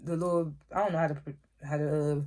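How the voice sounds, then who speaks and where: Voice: mid-range voice, flat delivery, quick pace, a little mellow. Casual, laughing TV recap chatter. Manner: chatty slangy retelling, laughs often. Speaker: TV show reviewer.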